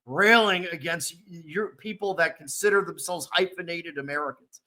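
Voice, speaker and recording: A man's voice: fairly high pitch, moderate pace, bright, forceful tone. A man co-hosting a podcast in casual discussion, speaking emphatically and repeating his points for stress. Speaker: podcast co-host.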